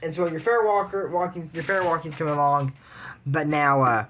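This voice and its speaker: A woman with a somewhat low voice talks through a cartoon episode in loose, casual commentary. She rambles and restarts her sentences, passing judgment on what the characters do. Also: fairly even intonation, normal speed, a bit bright, a little hiss or hum.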